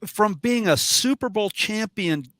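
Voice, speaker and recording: Animated man telling stories. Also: high-pitched, unhurried, dry recording. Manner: animated storyteller with many restarts. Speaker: drum teacher, podcast co-host. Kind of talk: casual chat.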